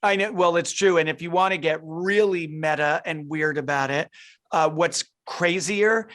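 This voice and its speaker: A man's voice: fairly high pitch, normal speed, a bit bright. A middle-aged man, a film director, answering interview questions eagerly and often restarting his sentences. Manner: eager, restarts and repeats words as he thinks. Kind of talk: interview over a video call.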